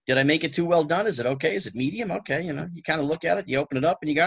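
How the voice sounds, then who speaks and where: A man talking as a podcast guest, animated and rhetorical with exasperated asides. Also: fairly high pitch, rapid-fire, creaky, few pauses, slightly rough. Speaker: guest, former child actor. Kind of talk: casual podcast conversation.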